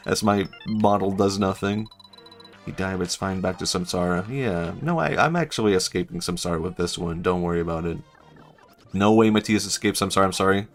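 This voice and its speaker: A young man streaming a game, chatting casually, rambling and laughing often as he jokes. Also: lowish voice. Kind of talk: casual gaming stream chat.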